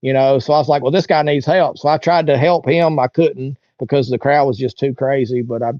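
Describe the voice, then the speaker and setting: A man's voice: medium pitch, steady tone, brisk, darkish tone, dry recording, dull audio. A man, an interview guest telling a long story in a rambling, folksy way. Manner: rambling, folksy, lots of "you know" and "like". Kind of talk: casual storytelling.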